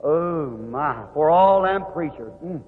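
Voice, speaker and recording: A man preaching, telling a story in a folksy, animated way and acting out the people he quotes. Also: fairly high pitch, slow pace. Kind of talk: sermon storytelling. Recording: tinny old hall recording.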